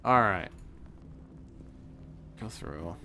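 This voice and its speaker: A man narrating his own playthrough of a role-playing game in a relaxed, chatty way. His voice sits a little low, and he keeps up dry, sarcastic jokes about traps and loot. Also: drawn-out words. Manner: wry, sarcastic joking. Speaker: let's play host. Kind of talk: casual game commentary.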